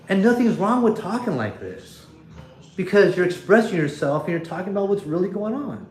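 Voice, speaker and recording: A man with a somewhat high voice rants bluntly into a phone on a casual livestream. He swears freely, restarts his sentences and wanders off track. The phone picks up a lot of echo from the room. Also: big pitch swings, a little fast, faint music behind. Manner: blunt, profane, rambling with restarts. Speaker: livestream host.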